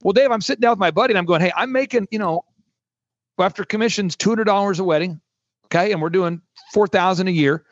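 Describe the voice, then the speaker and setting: A middle-aged man telling a long personal story in casual talk, acting out quoted dialogue with lively energy. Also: high voice, quick pace, no room sound, lo-fi sound. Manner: animated anecdote with acted quotes.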